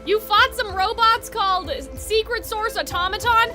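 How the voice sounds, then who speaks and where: A woman's very high-pitched voice stays steady at a moderate pace as she streams a game against a backdrop of game music. Her commentary is casual and rambling, peppered with profanity and her own laughter at her jokes.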